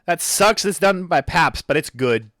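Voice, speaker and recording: This podcast co-host speaks unhurriedly and expressively, his voice on the high side and fairly bright, captured in a clean studio with no room sound. Chatting casually, he wanders off track, stumbles over words and keeps correcting himself.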